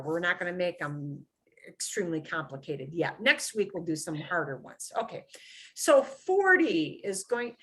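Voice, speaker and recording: A woman's voice: on the low side, fairly bright tone, husky. A woman teaching a beginner Spanish class, explaining patiently and often checking in with "okay?".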